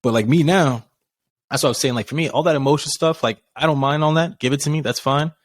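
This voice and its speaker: A man's voice: fairly high pitch, fast, dry recording. Laid-back blunt man, dry sound. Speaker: podcast co-host. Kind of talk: casual podcast chat.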